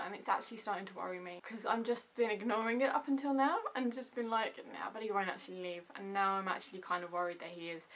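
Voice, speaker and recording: A woman recapping in a casual vlog, gushing and animated with constant asides. Her voice is bright and clear, tossing off quick filler words as she goes. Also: medium pitch. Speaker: vlogger reviewing a TV episode.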